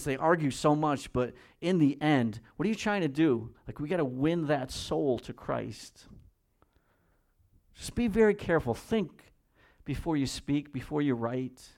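A man preaching a sermon as pastor in a church, swinging between loud pleading and hushed prayer. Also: a little high.

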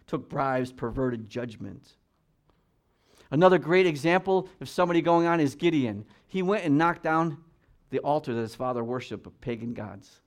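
A man with a slightly higher voice preaches a sermon in an easy, talkative way. He slows right down whenever he reads scripture aloud. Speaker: pastor.

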